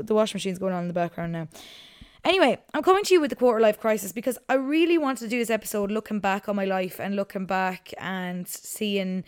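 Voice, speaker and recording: A woman, hosting a casual solo podcast from her couch at home, chatty and animated. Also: mid-range voice, smooth. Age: 20s. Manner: chatty and animated, breaks off to scold her dog. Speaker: podcast host. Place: living room at home, on the couch.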